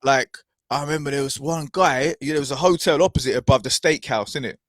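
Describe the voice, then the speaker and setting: A man's voice: mid-range voice, brisk, a bit bright, no echo, clean studio sound. A man with a London accent, co-hosting a podcast and telling rambling anecdotes full of "innit" and laughter. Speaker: podcast co-host. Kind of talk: casual storytelling chat.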